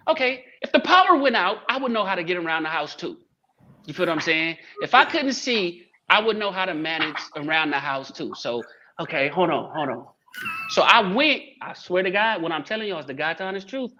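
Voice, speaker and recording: A man telling a lively story on a panel about fathers, acting out quoted lines and swearing casually. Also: high-pitched, brisk. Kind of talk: animated storytelling. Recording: dull lo-fi sound.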